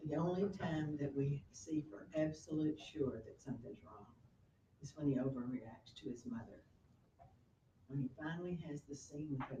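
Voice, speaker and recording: A woman teacher lecturing her class, retelling a play with lively storytelling and acted-out quotes. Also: deep voice, highs cut off, a little hiss or hum. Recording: roomy classroom from a distance.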